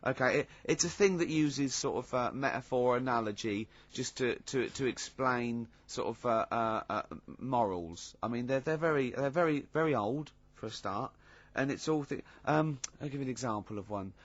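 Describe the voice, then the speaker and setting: A man hosts with a husky edge to his voice, dry and close on the mic. He jokes and teases, stumbling through restarts, and the sound is a little dull. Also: medium pitch, animated, no room sound. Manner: joking, halting with many restarts. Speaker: radio show host. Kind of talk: casual studio banter.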